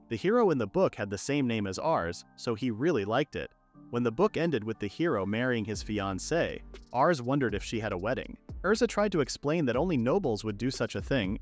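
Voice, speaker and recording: Lively man narrating a manga recap. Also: medium pitch. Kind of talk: scripted narration.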